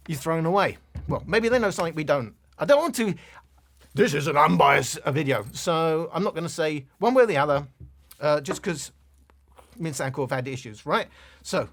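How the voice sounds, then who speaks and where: Chatty Cockney man reviewing gadgets. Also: on the high side. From England, London. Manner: chatty, digressive, blunt. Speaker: tech reviewer. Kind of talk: casual review talk.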